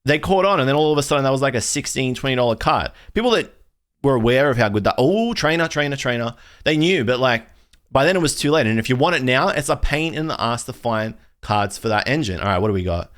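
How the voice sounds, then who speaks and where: A man's voice: medium pitch, expressive, quick pace, a bit bright. A young man hosting a casual pack-opening video, ranting in an exasperated, rambling way with frequent restarts. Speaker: card collector video host.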